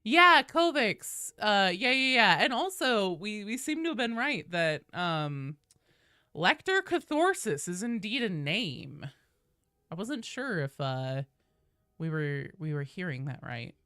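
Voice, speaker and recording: Low-voiced swearing woman streamer. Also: very animated, measured pace, a bit bright, no room sound, clean studio sound. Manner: chatty and loose, swears often. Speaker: game streamer. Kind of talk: casual live-stream chat.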